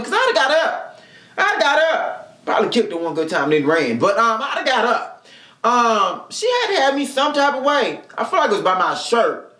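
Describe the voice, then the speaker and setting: Animated, profane male podcast host. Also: extremely high pitch, brisk. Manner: animated, profane, acts out quoted people. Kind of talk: casual comedic storytelling. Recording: roomy echo.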